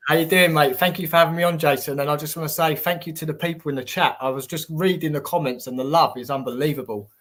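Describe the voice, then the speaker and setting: A man's voice: a little high, steady tone, fast talker, hardly any pauses, fairly bright tone. A man from Essex with a London accent, a guest in a casual chat, friendly and easygoing. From Essex, England. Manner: friendly and easygoing, says "mate".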